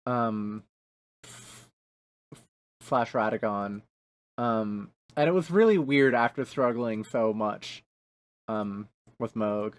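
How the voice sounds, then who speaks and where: A man's voice: lowish voice, takes it slowly, long pauses. A man co-hosting a casual podcast, rambling with many restarts and frequent swearing. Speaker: podcast co-host. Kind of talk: casual chat.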